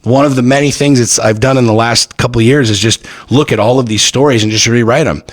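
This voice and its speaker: A man in his forties telling stories as a podcast guest, talking fast and bluntly with plenty of swearing and emphatic repetition. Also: mid-range voice, steady tone, no room sound, clean studio sound. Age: 40s. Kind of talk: casual podcast storytelling.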